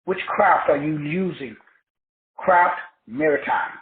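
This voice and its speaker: A man's voice: a little high, slow. A man teaching in a preachy style, spelling words out letter by letter and answering his own questions with emphatic repetition. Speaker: self-help teacher. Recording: tinny phone-like sound in an echoey room.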